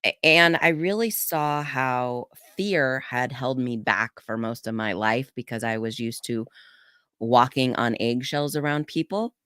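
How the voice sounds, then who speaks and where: A woman communication coach on a podcast, telling her story with earnest candor and acting out quotes in lively voices. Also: a little slow, smooth, no echo, clean studio sound. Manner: earnest storytelling, acts out quotes with animated pitch jumps. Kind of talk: candid podcast conversation.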